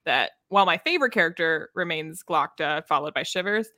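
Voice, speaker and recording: Bright, chatty young woman, dry sound. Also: deep voice, expressive, a little fast, no room sound. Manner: chatty, laughing often, many fillers. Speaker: podcast co-host. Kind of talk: casual book discussion chat.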